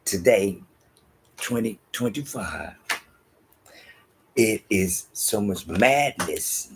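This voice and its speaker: A man, preaching an emphatic, repetitive Bible-teaching sermon that drops into low asides. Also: husky, poor audio. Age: 60s.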